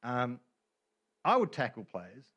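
Man, pastor, sermon, animated storytelling, humorous asides, middle-aged. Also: mid-range voice, slow.

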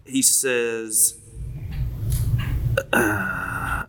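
A young man leading a Bible study in a relaxed, rambling way, often stopping to correct himself. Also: mid-range voice, measured pace, slight background noise. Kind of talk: casual Bible teaching.

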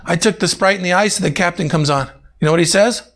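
Preaching at a quick pace, a pastor speaks in a voice that is a bit high for a man, with a gravelly edge. He is warm, chatty and animated, weaving personal stories into the sermon and often turning to address people in the congregation by name.

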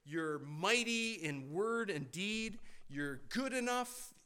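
A preacher voicing a gushing modern churchgoer who flatters with casual slang. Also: male voice, high-pitched, takes it slowly, clean tone, voice pushed up, exaggerated voice. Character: gushing modern male churchgoer hyping someone up.

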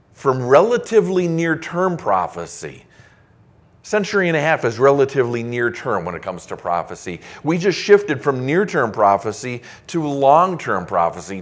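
A male pastor preaching a sermon, reading scripture aloud in an emphatic, conversational way. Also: medium pitch.

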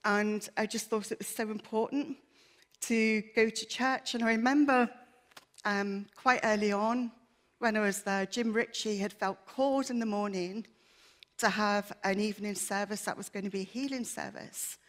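A woman's voice: mid-range voice, fairly even intonation, moderate pace, fairly bright tone. A woman giving a personal testimony to a church congregation, candid, chatty and self-deprecating, earnest and emotional.

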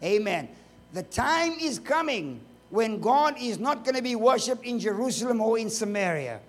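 A male preacher with a notably high-pitched voice delivers a sermon. He is emphatic, drives his points home with strings of rhetorical questions, and slips in joking asides along the way. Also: very animated, normal speed.

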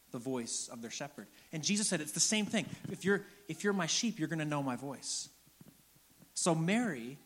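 Earnest man preaching a conversational sermon. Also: on the high side. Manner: conversational, earnest, retells scenes with lively asides to the congregation. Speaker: pastor.

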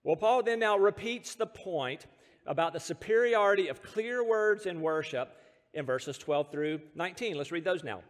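An American pastor preaches with a high, light voice that carries a long reverb through a church sanctuary. He tells stories with self-deprecating humor and chuckles between points. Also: animated, normal speed. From United States. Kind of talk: sermon.

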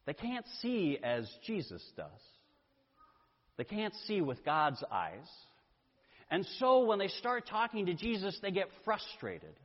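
Male pastor, high-pitched, unhurried sermon delivery, long reverb. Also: big pitch swings. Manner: slow, deliberate preaching with dramatic pauses. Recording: dull sound with long church reverb.

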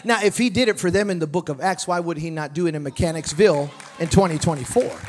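High-voiced animated male revival preacher. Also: quick pace, a faint crowd, a little hiss or hum. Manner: animated, joking asides, rising to shouted emphasis. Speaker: pastor. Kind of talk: revival sermon. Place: church sanctuary.

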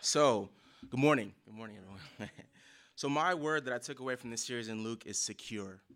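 A man sharing a casual personal testimony with a church group, speaking earnestly and haltingly with many fillers and restarts. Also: medium pitch, fairly bright tone. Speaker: church member sharing a reflection.

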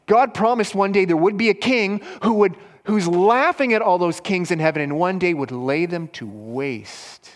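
A man preaching a sermon as pastor, earnest and emphatic, swinging between loud stresses and hushed lines. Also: high-pitched, moderate pace, few pauses, in a large hall.

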